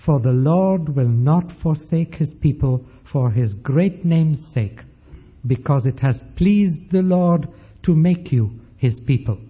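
Slow, husky-voiced male preacher. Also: on the high side, expressive. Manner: slow, emphatic preaching with measured pauses. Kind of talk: sermon. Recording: dull lo-fi recording.

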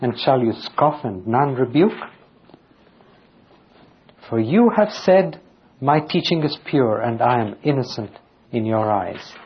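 Husky man teaching scripture, lo-fi. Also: medium pitch, lively intonation, takes it slowly, pauses often. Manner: reads scripture aloud, then explains it plainly. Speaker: Bible teacher. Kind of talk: verse-by-verse Bible commentary. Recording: dull lo-fi recording.

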